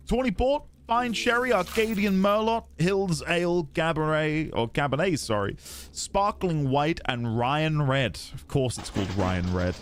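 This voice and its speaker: Giggly streamer. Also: male voice, fairly high pitch, a little hiss or hum. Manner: chatty, giggly, animated. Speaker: game streamer. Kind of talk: let's play commentary.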